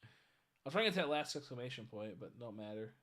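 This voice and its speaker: A man's voice: mid-range voice, expressive, fast, fairly bright tone. A tired man chatting casually on a live stream, rambling and swearing as he greets viewers. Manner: rambling, swearing, stumbles over chat names.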